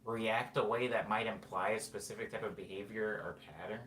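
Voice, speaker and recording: A podcast host with a fairly low, slightly bright voice talks fairly quickly in a steady tone. His casual monologue meanders, stuffed with fillers and self-corrections and restarts. There's a little hiss or hum, plus faint ambience from an echoey room.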